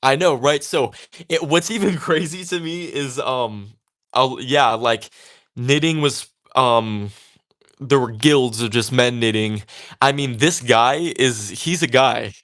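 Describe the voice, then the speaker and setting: A man's voice: mid-range voice, slow, a bit bright. A young man talking casually about his craft while he works, chatty and a bit defiant, with many fillers and restarts. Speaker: tatting creator.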